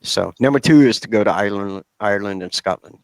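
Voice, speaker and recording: A man's voice: lowish voice, fast talker, dry recording, low-quality recording. A man guest on a chat show, speaking eagerly with many casual fillers. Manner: eager, uses filler words.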